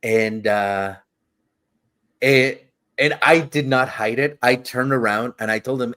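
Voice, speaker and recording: A man's voice: mid-range voice, slow, long pauses, fairly bright tone. A man co-hosting a podcast, telling a travel story in casual chat, rambling, swearing freely and acting out the quotes. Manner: acts out quotes in shifting voices. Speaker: podcast co-host.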